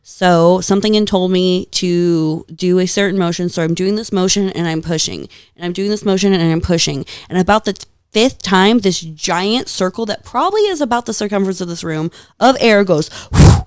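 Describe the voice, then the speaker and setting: A woman guest on a podcast, telling stories in a lively, casual way, swearing freely and laughing often. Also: fairly low pitch, moderate pace, few pauses, smooth, no echo, studio quality. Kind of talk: casual storytelling chat.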